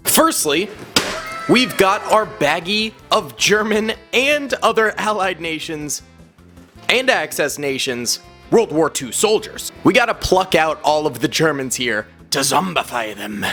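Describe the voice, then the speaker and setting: A man narrating his toy build as a YouTuber, energetic and joking, with self-mocking asides. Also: a little high, measured pace, over music.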